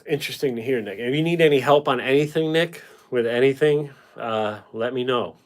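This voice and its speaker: A man's voice: medium pitch, a little fast. A man hosting a painting livestream, chatting casually and rambling as he reads out viewer comments and answers them. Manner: talkative, chummy with viewers.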